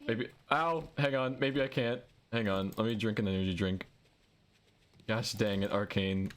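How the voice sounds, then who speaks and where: A man live-streaming a survival game, chatting excitably and playfully and making silly sound-effect noises. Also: on the low side, normal speed, a little hiss or hum.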